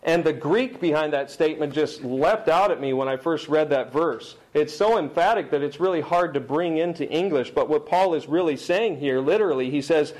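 A middle-aged man delivers a sermon as a pastor, his voice sitting a little high for a man. He speaks emphatically and slows down whenever he reads scripture aloud. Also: darkish tone, low-quality recording.

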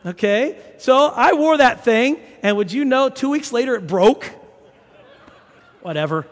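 A man preaching a conversational sermon, an animated storyteller who makes chatty asides to the congregation. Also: very high-pitched, unhurried. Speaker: pastor. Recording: long hall reverb.

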